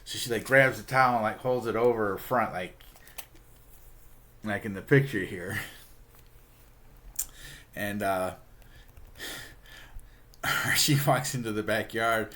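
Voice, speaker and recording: A man's voice: lowish voice, normal speed, long pauses, a bit bright. A man reviewing a book, casually retelling a comic story in a rambling way, with fillers and chuckles.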